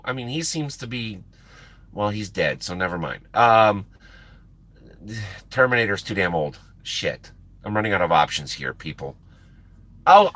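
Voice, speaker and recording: A man's voice: mid-range voice, breathy edge, no room sound. An American man, a truck driver and live-stream host, telling a story in a casual, profane way with frequent laughs. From United States. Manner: animated, profane, laughing often.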